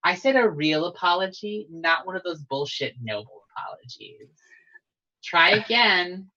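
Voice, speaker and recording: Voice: mid-range voice, animated, measured pace, bright, forceful tone, pitched above the performer's own voice. A game master voicing an indignant sister who speaks through a flower and insists on an apology, in a curt, demanding way. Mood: scornful. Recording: slightly dull lo-fi audio.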